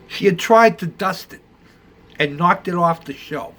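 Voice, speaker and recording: A man's voice: sits high, a little slow, a bit bright. An older man telling a casual, rambling story about building model ships, with plenty of fillers. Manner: rambling, conversational, with many fillers.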